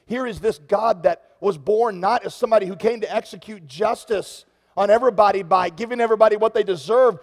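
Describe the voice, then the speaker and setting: In a large hall with long reverb, a pastor preaches in a high, darkish-toned voice at a brisk pace. He tells a story in a conversational way that builds to impassioned peaks.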